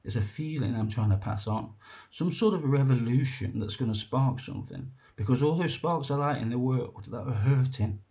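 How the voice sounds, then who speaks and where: Earnest, halting man with a mellow voice. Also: mid-range voice. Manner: rambling, halting, earnest, with nervous laughs. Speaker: vlogger. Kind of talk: emotional personal monologue to camera.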